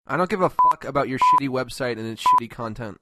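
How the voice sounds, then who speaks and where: A man's voice: medium pitch, huge pitch swings, fast, heavy background noise. A man voicing a scornful, foul-mouthed cartoon host. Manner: abrasive, mocking, short-tempered. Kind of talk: comedic web cartoon voice acting.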